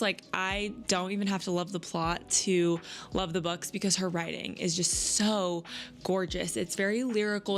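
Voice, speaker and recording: A woman's voice: medium pitch, a bit bright. A young woman book vlogger chatting casually and gushing, with lots of filler words. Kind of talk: casual vlog chat.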